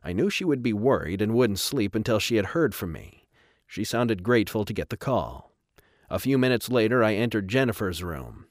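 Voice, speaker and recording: A man with a low voice reads a first-person story in an even, measured way. The recording is close and dry, with no room sound. Its pace stays steady throughout. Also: no room sound. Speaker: narrator. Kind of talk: first-person audiobook narration.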